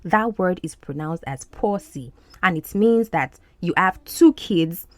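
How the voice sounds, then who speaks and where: A woman who hosts a podcast, explaining film clips as an English lesson and repeating words slowly to model pronunciation. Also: lowish voice, lively intonation, dry recording. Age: adult. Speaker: podcast host and English teacher.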